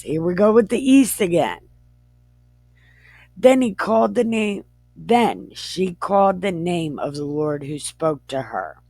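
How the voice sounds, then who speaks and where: A woman's voice: on the low side, animated, slow, gravelly, mellow, no room sound. A woman retelling scripture in an irreverent, profane, slangy way, often breaking into laughter. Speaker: comedic scripture reader.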